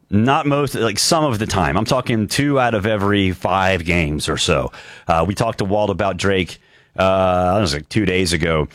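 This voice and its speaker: A man hosting a sports radio call-in show from a studio, talking in a quick, energetic, conversational way and sounding a little out of breath. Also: fairly low pitch, no echo. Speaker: radio sports talk host.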